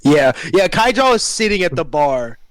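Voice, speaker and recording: A man's voice: fairly high pitch, very animated, normal speed, rough recording. A man narrating a tabletop game as game master, joking and punning. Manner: jokey, punning, laughs often.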